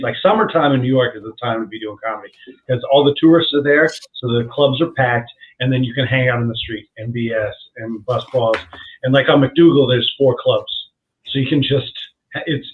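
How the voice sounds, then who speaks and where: A male comedian trading road stories in a loose, casual chat. He acts out the people in his anecdotes with lively shifts of voice. His audio comes through thin and phone-like. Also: mid-range voice. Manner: animated, acts out quoted voices. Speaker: comedian guest. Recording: tinny phone-like call audio.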